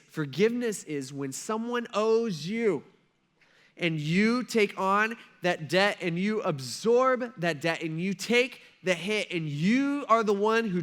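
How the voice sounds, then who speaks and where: A man with a notably high voice delivers a sermon as a pastor. He talks in a loose, conversational way and leans hard on key words. He keeps pausing to ask his listeners "right?". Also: fairly bright tone. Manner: conversational and emphatic, checks in with "right?".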